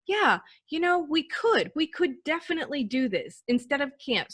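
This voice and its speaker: A woman's voice: high voice, a bit bright, no room sound. A woman coaching parents on how to talk to their children, earnest and encouraging, sometimes acting out sample phrases. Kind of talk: instructional talk.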